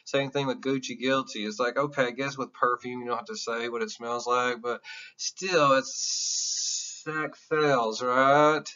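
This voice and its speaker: A Southern-accented man lectures a class casually and bluntly, swearing freely. His voice is bright and edgy, and the recording sounds dull and lo-fi. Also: medium pitch, steady tone, normal speed. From American South. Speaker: college instructor.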